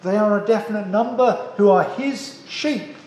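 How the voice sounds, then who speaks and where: In a church, a man with a high, slightly mellow voice preaches a sermon at normal speed, earnest and emphatic. He asks the congregation rhetorical questions and repeats key phrases. The recording is low quality and sounds roomy.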